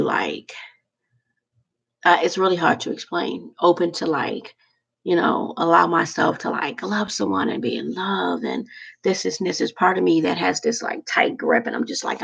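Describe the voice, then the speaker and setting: Rambling husky woman vlogger. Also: fairly low pitch, low-quality recording. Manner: rambling, halting, faithful. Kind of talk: casual heartfelt monologue.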